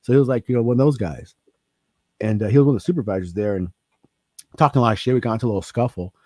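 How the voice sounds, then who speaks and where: Brief: male host, mid-pitched, animated and profane storyteller, dry close mic. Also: rapid-fire, dry recording. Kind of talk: casual chat.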